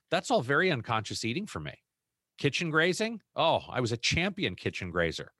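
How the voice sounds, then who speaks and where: A middle-aged man co-hosting a podcast in casual chat, reflective and unhurried, laughing easily. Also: mid-range voice, sing-song, bright, forceful tone, no echo, clean studio sound. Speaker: podcast co-host.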